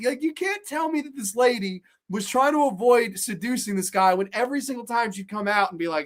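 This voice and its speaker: A podcast host reviewing films in an animated, profane rant. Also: medium pitch, fairly quick, hardly any pauses.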